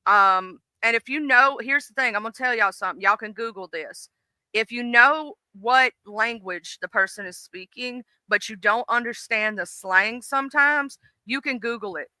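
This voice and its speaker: A woman's voice: fairly high pitch, normal speed, pushed and bright, no echo. A middle-aged woman hosting a live stream in casual, rambling chat, full of fillers and restarts. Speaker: livestream host.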